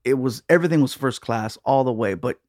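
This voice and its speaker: Male comic guest, mid-pitched, dry close mic, lively yarn-spinner. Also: a little fast, no room sound. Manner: animated storyteller who jumps into loud high voices when quoting people. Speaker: comedian guest. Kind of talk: casual podcast chat.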